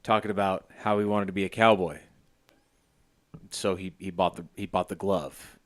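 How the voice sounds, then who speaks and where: A man's voice: low voice, steady tone, normal speed. A man co-hosting a podcast, telling rambling stories in casual chat and swearing. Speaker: podcast co-host.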